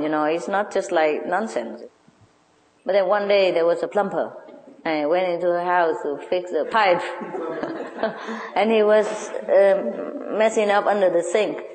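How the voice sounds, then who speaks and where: A woman's voice: lowish voice, darkish tone. A woman telling a humorous story to an audience in an echoey hall, laughing often.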